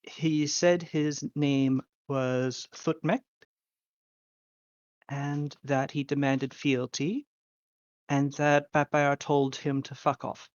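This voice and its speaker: A man running a tabletop game as game master, narrating slowly with many fillers and restarts. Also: fairly high pitch, level tone, dry recording, highs cut off. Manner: slow, halting, many fillers.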